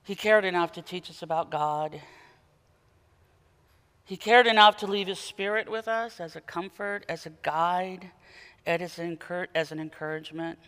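A man preaching a sermon, dramatic, moving from quiet intensity to loud emphatic peaks. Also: high-pitched, normal speed, clear, resonant tone. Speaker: pastor. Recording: long hall reverb.

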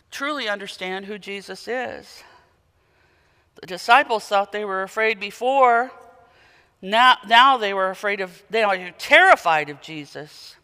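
A man preaching a sermon, dramatic, moving from quiet intensity to loud emphatic peaks. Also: high-pitched, clear, resonant tone. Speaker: pastor. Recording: long hall reverb.

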